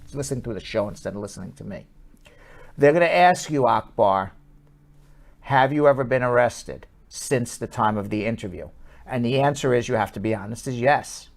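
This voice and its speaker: A man with a New York accent, an immigration lawyer hosting a call-in advice show, brisk and reassuring. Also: medium pitch, gravelly. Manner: brisk, reassuring, talks over callers.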